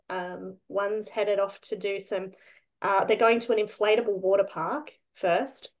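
A woman's voice: medium pitch, darkish tone. Australian woman, podcast co-host, loose rambling delivery, slightly muffled recording. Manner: chatty, rambling, trails off. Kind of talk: casual podcast chat.

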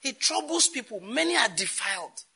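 A Nigerian man preaching with a high, husky voice that leaps up and down in pitch. His tone is sharply bright and forceful as he fires rhetorical questions and keeps laughing between points. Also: big pitch swings, moderate pace. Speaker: pastor. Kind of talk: sermon.

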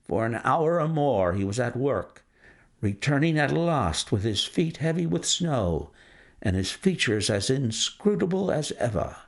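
A man narrating a classic detective story in steady, scripted storytelling. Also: medium pitch, a little slow. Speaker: audiobook narrator.

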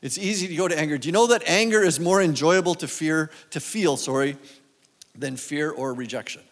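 A man with a fairly high voice preaches a sermon as a guest speaker. He talks conversationally, often turning to ask his listeners questions. The sound carries the long reverb of a church hall. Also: a little fast. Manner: conversational, asks the audience questions.

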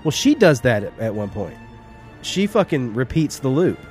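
A man's voice: medium pitch, very animated, moderate pace, darkish tone, breathy edge. A man with a mid-range voice on a movie podcast who talks in hesitant, looping sentences full of restarts and casual swearing. Faint music sits under his voice. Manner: rambling, hesitant, profane. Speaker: podcast co-host.

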